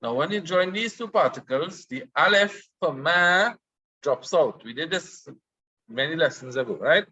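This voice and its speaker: A man's voice: fairly high pitch, expressive, a little slow, bright, forceful tone, muffled recording, slight background noise. A man teaching an Arabic lesson, patiently translating and explaining a dialogue word by word.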